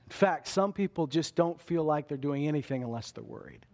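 A man preaching a sermon, talking straight to his listeners and jumping into panicked voices when he acts out a scene. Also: brisk. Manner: animated, acts out panicked voices with big pitch swings. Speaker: pastor.

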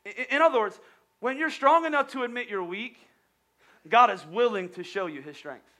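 A male pastor delivering an energetic sermon in a storytelling manner, stumbling and restarting at times. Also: very high-pitched, moderate pace.

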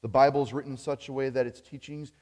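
A pastor preaching in a sanctuary, his voice carrying a long hall reverb. He pushes emphasis onto key words, then lets each phrase fall away low. His pitch sits in an ordinary middle range for a man. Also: fairly even intonation, fast. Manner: emphatic, swings between loud stresses and low dropped phrase endings. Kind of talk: sermon.

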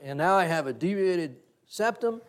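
A middle-aged man preaching a sermon, telling personal stories in an animated way and acting out the conversations in them. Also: sits high, moderate pace, smooth. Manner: animated storyteller, acts out quoted exchanges with laughter. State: breathes through one side of nose. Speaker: pastor.

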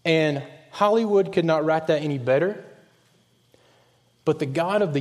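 A man preaching a sermon as pastor, earnest, sometimes dropping to a hushed voice on key points. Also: fairly high pitch, moderate pace, long pauses, big-room sound.

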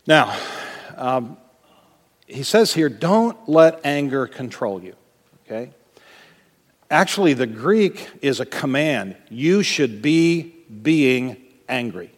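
Animated preaching man in a big hall. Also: medium pitch. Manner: animated, jokey preaching with laughs and mock quotes. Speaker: pastor. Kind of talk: sermon. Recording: long hall reverb.

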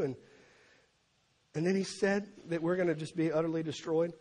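A man preaching a sermon as pastor, animated and dramatic, acting out crowd voices and scripture quotes. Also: fairly high pitch, moderate pace, long pauses. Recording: long reverb of a large hall.

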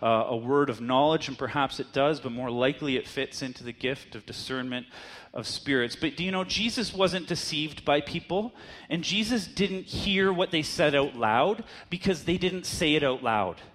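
A man's voice: a little high, moderate pace, fairly bright tone. A man preaching a sermon in a conversational teaching manner, asking his listeners rhetorical questions.

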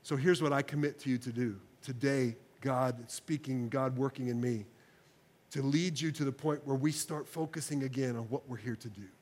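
A man's voice: medium pitch, a little mellow. A man preaching as pastor in a church service, leading the congregation through spoken phrases and ending in an earnest, pleading prayer. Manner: slows to repeat phrases with congregation. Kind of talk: sermon closing with prayer. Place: church sanctuary, broadcast service.

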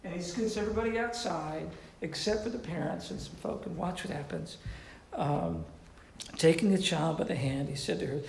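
A man delivers a sermon in a conversational, questioning way. His voice is slightly high and gravelly. The room around him is echoey. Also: darkish tone, slight background noise. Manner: conversational preaching, asks the audience questions. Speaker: pastor.

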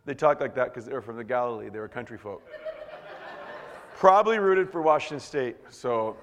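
A man preaching a sermon as pastor, animated and joking, acting out quotes with shouts and stammers. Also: mid-range voice, fairly quick, big-room sound.

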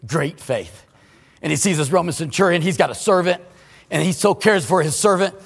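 High-pitched preacher guy, emphatic, gets loud then hushed, church echo. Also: normal speed, creaky. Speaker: pastor. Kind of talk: sermon. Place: church sanctuary.

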